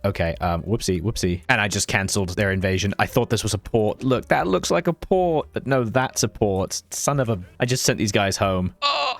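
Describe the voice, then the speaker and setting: Chatty man narrating his gameplay. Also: fairly low pitch. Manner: chatty, quick reactions with laughs and exclamations. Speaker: strategy game streamer. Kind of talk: casual gameplay commentary.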